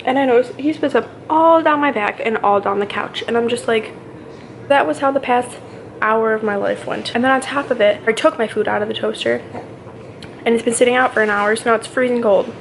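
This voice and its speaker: A chatty young woman rants through a chaotic story in a casual vlog, her voice pitched a little high. Her talk is dotted with fillers, and she runs her words together as she goes. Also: fairly quick, a little hiss or hum, poor audio. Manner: chatty, ranting, full of "like" fillers. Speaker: vlogger and young mother.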